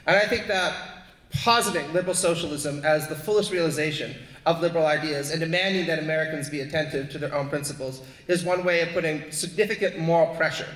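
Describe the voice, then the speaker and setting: Male panelist, fairly high voice, earnest argumentative delivery, reverberant hall sound. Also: a bit bright. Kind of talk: academic panel talk. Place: lecture hall. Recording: echoey hall with long reverb.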